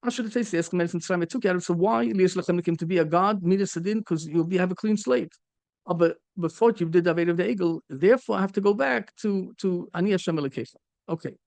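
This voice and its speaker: A man, a rabbi, giving a Torah talk and telling a story, halting and repeating words as he goes. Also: fairly high pitch, a little mellow, no echo. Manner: halting, repeats words, mixes in Yiddish and Hebrew.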